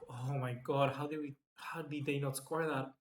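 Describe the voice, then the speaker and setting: A man hosting live football match reaction commentary, chatty and excitable, reading out viewer comments. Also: medium pitch, unhurried, slight background noise. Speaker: football fan channel host. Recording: echoey room.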